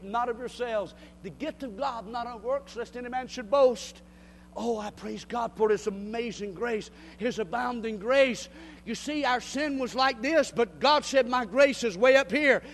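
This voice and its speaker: Man, preacher, fiery shouting sermon, folksy jokes, very high voice, reverberant hall. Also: slight background noise. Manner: shouting, call-and-response, rising to cries; folksy joke-telling. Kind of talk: Pentecostal-style sermon. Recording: long reverb of a church hall.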